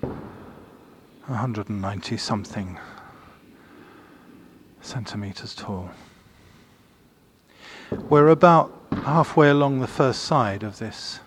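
A man's voice: lowish voice, slow pace, long pauses, slight background noise. A man, an art critic and host, narrating a walking tour and describing his surroundings step by step, slightly out of breath. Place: indoor gallery corridor.

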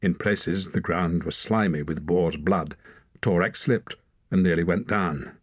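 A man narrating an adventure story in a steady, measured audiobook reading. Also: low voice, husky, dry recording.

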